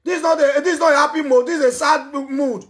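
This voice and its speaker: A man with a Nigerian Pidgin English accent hosting a live call-in show, loud, scolding and repetitive. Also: very high-pitched, fairly even intonation, fast. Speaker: talk show host taking calls.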